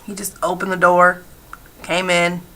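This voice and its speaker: A woman voice interpreter speaking a personal story told in sign language, with halting, repetitive phrasing and frequent fillers. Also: lowish voice, monotone, sharp tone.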